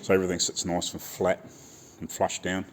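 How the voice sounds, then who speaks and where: A man's voice: low voice, monotone, brisk, background noise. A man, easygoing, explaining his body work as he does it in his home garage. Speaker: car restorer. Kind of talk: casual workshop commentary.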